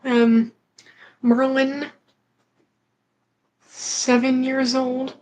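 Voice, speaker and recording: A woman's voice: high-pitched, level tone, very slow, a little mellow, low-quality recording. A woman chatting hesitantly on a livestream, full of fillers and restarts. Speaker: guest filling in on a livestream. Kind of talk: hesitant casual chat.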